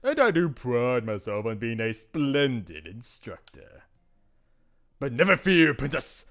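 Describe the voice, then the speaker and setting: A man's voice: medium pitch, sing-song, measured pace, a bit bright. A charming, vain swordsman mentor, as a man acts him out, teasing and flirtatious. The delivery swings up and down with play.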